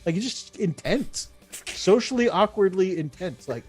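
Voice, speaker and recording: Guy co-hosting a hobby stream, laughs a lot, fairly high voice, faint music behind. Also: moderate pace. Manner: animated storyteller, laughs often, mimics friends. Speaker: co-host. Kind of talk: casual chat about tabletop gaming.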